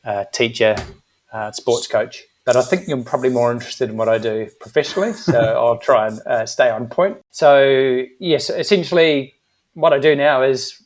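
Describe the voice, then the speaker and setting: A middle-aged man with a New Zealand accent, a guest in a casual interview, speaking in an even, measured way with frequent ums. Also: mid-range voice. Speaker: guest, agency managing director.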